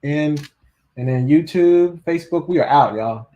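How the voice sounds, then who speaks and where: A man teaching on a livestream, with lots of fillers and restarts. His voice sits a little high for a man. He talks straight to his students and keeps circling back to the same point. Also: measured pace, warm tone, lo-fi sound. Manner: informal, repeats himself, frequent fillers. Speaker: course instructor. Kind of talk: casual livestream lecture.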